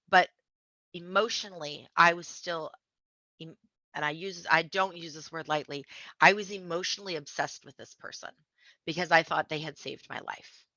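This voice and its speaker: A woman with a bright, forceful voice pitched a little low tells her story as a podcast guest, animated and acting out the people in it. The sound is dull and lo-fi. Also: no room sound. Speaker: podcast guest, memoir author. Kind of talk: casual storytelling interview.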